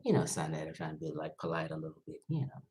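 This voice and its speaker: A man hosting a livestream, ranting bluntly and profanely, swinging between loud outbursts and low muttering. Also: sing-song, quick pace. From Los Angeles. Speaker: livestream host. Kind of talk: livestream commentary rant.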